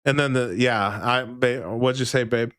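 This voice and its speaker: A man in his thirties hosts a casual livestream, rambling and swearing often as he reads and replies to chat. His mid-range voice is steady, a little slow, and a bit bright, in a dry, studio-quality recording.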